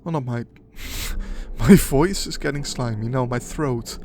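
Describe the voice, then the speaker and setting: A man's voice: medium pitch, unhurried, a little mellow, slight background noise. A young man giving casual, rambling, crude and jokey commentary over a game he is playing. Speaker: gaming commentator. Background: background music.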